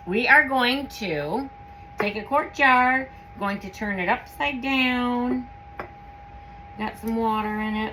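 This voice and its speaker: A woman hosting a home canning video, chatting casually through a how-to demonstration in her kitchen and gushing with excitement as she works. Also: fairly high pitch, slow pace, background noise. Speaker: home canning channel host.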